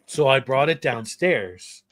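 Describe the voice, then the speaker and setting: A man's voice: medium pitch, takes it slowly, heavy background noise. Man telling a story in casual chat. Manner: animated storyteller, acts out quoted voices. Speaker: podcast co-host.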